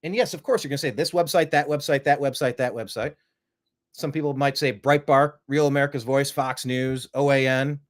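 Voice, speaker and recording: A man's voice: mid-range voice, fairly even intonation, brisk. A man hosting a live-streamed talk show, rambling through opinionated commentary and throwing out rhetorical questions. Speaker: host.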